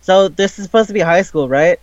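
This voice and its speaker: A young man co-hosting a casual game chat, animated and swearing, often acting out game dialogue. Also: sits high, brisk, no echo. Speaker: podcast co-host. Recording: dry, muffled lo-fi mic.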